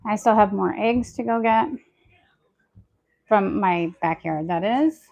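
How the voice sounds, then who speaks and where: Casual at-home vlogger, a woman chatting through chores, talking to herself and viewers, voice with some fry. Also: medium pitch, slow pace, muffled recording. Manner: chatty, talks aloud to herself and viewers while working. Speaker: homestead lifestyle vlogger. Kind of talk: casual chat to camera while doing chores. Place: at home, indoors.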